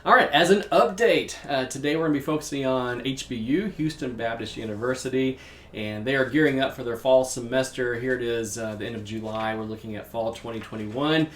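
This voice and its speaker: A male pastor with a Southern US accent leads the chat with friendly jokes and quick updates. His voice has a roomy echo. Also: medium pitch, slight background noise. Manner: friendly, joking, gives updates. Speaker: pastor and co-host. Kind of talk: casual podcast chat.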